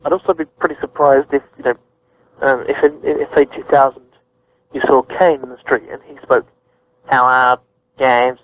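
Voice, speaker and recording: A man's voice: mid-range voice, steady tone, fairly quick. A man with a British accent chatting casually about wrestling with a dry, joking manner. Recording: dull lo-fi sound.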